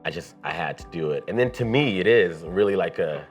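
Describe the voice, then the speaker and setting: A man's voice: low-pitched, lively intonation, a little fast, soft background music. A man, a singer being interviewed, talking openly and emphatically with a preacher-like cadence. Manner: open and heartfelt. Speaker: singer and songwriter guest. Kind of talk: candid interview conversation.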